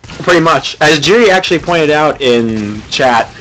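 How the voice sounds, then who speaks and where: A man's voice: a little high, animated, a little slow, fairly bright tone, a little hiss or hum. A young man co-commentating a video game match in a laid-back, joking way.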